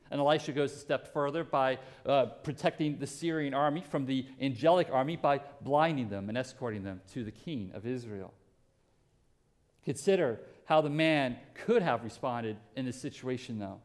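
A male pastor preaching a sermon earnestly and emphatically, asking rhetorical questions. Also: medium pitch.

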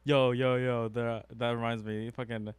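A man's voice: medium pitch, level tone, normal speed, smooth, no room sound. A young man co-hosting a podcast in casual chat, rambling and laughing often. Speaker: podcast co-host.

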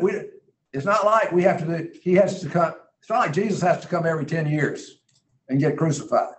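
Guy w a fairly high voice leading a bible class, chatty and earnest, leans hard on the key words. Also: slight background noise, rough recording. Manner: earnest, emphatic, thinks aloud while reading scripture. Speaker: Bible study teacher. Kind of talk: conversational Bible class teaching.

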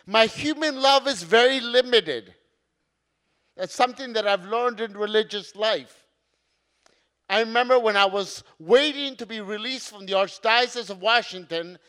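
A middle-aged man, a priest, giving an earnest conference sermon, slow overall with sudden loud emphatic words. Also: high-pitched, smooth. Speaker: priest and community founder.

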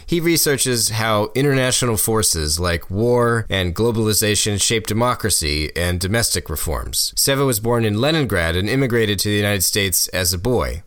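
A man's voice: fairly low pitch, lively intonation, moderate pace, hardly any pauses, fairly bright tone, dry recording, clean studio sound. A man hosting a podcast, reading intros and then interviewing in an easygoing, self-deprecating way. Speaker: podcast host. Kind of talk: scripted intro and conversational interviewing.

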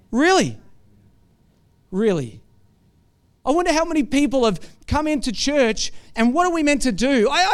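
A man with a fairly high voice delivers a sermon in an easygoing, conversational way. His tone stays smooth and clear as he keeps asking the congregation "right?" and acts out small everyday scenes. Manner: animated storytelling with acted-out asides. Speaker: preacher.

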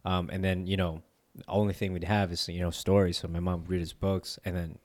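Young male co-host, fairly low voice, relaxed rambling chat full of fillers. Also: brisk. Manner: laid-back, rambling with many fillers. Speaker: podcast co-host. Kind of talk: casual chat.

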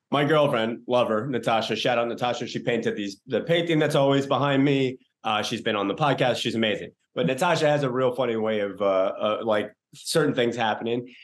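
A man's voice: mid-range voice, normal speed. Rambling, casual podcast host man. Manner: rambling, loose, swears casually, many fillers. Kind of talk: casual chat.

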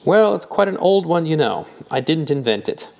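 A man reading an audiobook, voicing a calm, practical older man who speaks in a slow, quiet way. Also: on the high side, vocal fry, pitched above the performer's own voice.

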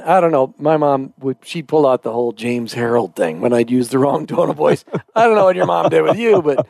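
A man's voice: fairly high pitch, animated, brisk, gravelly, hardly any pauses, a little mellow, dry recording, clean studio sound. A man hosting a Christian talk show, asking questions with playful asides.

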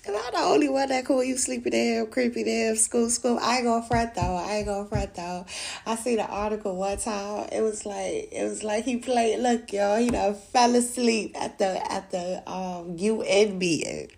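A woman hosting a podcast in casual chat, loose and rambling, profane and animated, often laughing and slipping into voices to quote people. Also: a little high, normal speed, creaky, hardly any pauses, a little hiss or hum. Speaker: podcast host.

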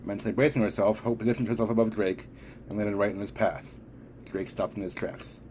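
A man with a low voice reads a superhero story aloud in a steady, measured way, now and then tripping over a word. A faint hiss of background noise runs under the recording. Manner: steady, measured, occasional slips. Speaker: audiobook reader. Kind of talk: audiobook narration.

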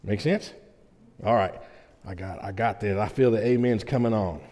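In a church sanctuary with a big-room sound, a male pastor preaches a conversational, folksy sermon, often checking in with his congregation with "right?" His voice is lowish, mellow, and moderately paced.

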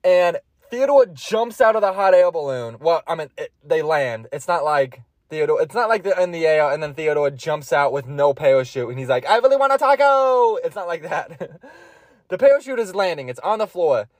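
Young man, podcast host, high voice, rambling, swears a lot, laughs often, dry close sound. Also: animated, moderate pace, no echo. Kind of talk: solo podcast chat.

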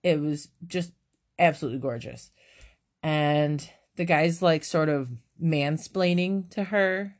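Deep-voiced and slow-spoken, this movie-chat co-host curses a lot and laughs frequently. She gets animated retelling the scenes she loves best.

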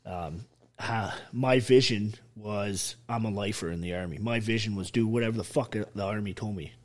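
A man telling stories in a casual chat, animated and heavy on swearing. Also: lowish voice, moderate pace. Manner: profane, animated storytelling. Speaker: podcast guest.

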